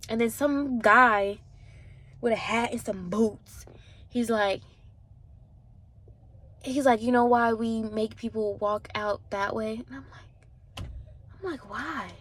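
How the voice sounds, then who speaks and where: A young woman in her twenties chatting casually at the gym, animated and full of "like", acting out the people in her story. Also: a little high, slow, long pauses. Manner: animated, acts out voices in quotes, frequent "like" and swearing. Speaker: vlogger.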